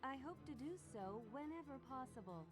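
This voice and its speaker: A woman's voice: high voice, animated, a little fast, soft background music. An actress playing a courteous queen who speaks politely and formally in a video game. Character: gracious, courteous female queen.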